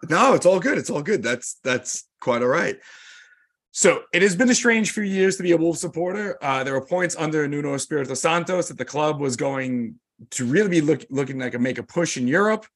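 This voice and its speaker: American guy hosting a podcast, kinda husky voice, pitched a bit high, eager and casual. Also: expressive, fairly quick. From United States. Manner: enthusiastic, casual, swears. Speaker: podcast host.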